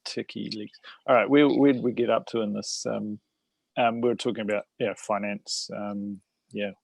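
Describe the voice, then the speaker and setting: A man's voice: on the low side, steady tone, moderate pace, creaky, a little mellow, no room sound, poor audio. A man hosting a casual livestream chat, hesitant and full of ums and restarts. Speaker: host.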